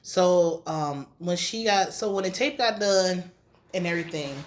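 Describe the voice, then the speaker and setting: A woman recapping a TV episode in a casual, slangy, chatty way, getting animated and emotional as she retells scenes. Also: on the low side, a little slow, a little hiss or hum. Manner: casual slangy speech with swearing. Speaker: TV recap reviewer.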